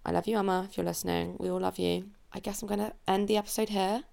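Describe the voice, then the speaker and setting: A young woman from England hosts her own podcast alone, talking candidly and warmly about personal things. Her voice has a gravelly, fry-edged texture at an ordinary middle pitch. She chats in an open, emotional way that sometimes wobbles toward tears. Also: steady tone, fast. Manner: open, emotional and chatty, voice cracking near tears. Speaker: podcast host. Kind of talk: solo confessional podcast chat. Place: at home under a blanket.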